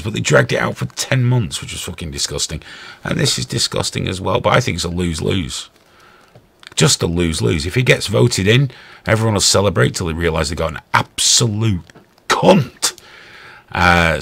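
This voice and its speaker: A man's voice: sits low, lively intonation, moderate pace, gravelly, a bit bright, slightly rough. A middle-aged English man hosting a show, giving a blunt, sarcastic, heavily sworn rant about the news. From England. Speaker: show host. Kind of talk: ranting commentary.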